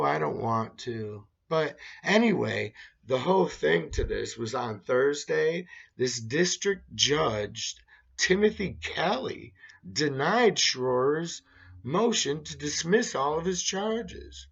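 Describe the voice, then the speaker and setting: Slow, gravelly sarcastic man. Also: mid-range voice, expressive, fairly bright tone, lo-fi sound. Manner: sarcastic, rambling. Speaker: host. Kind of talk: casual monologue reading news.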